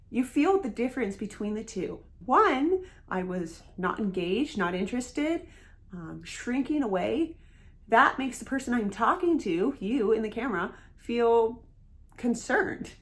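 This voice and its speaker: A woman's voice: on the high side, very animated, a little slow. A woman giving an encouraging instructional talk to camera about asking people to repeat themselves. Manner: earnest, encouraging, acts out sample phrases. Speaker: hearing-loss educator.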